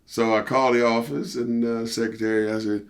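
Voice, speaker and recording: A middle-aged man, a former pro wrestler, telling stories in a casual interview, animated and profane, peppered with "you know" and "see". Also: brisk. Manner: animated storyteller, jumps high for quoted outbursts.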